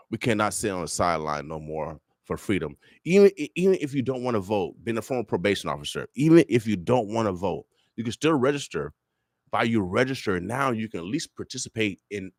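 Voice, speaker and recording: A man's voice: lowish voice, very animated, moderate pace, a little mellow, no echo. Guy preaching on the radio, fired up, repeats himself a lot, dry booth sound. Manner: fiery and preacher-like, with many repeated phrases. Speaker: radio show guest speaker.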